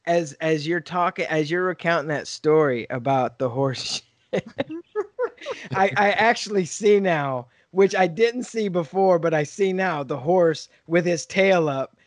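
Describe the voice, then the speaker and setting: A man's voice: fairly high pitch, unhurried, no room sound. Effusive male host, dry close sound. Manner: enthusiastic, effusive praise. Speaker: interview host. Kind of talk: casual interview chat.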